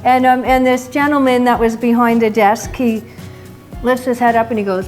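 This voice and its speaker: A woman from New York, a chef hosting a cooking segment in a home kitchen, telling a story in a chatty, animated way. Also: fairly high pitch, normal speed, soft background music. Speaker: chef and cooking show host. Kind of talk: casual storytelling chat.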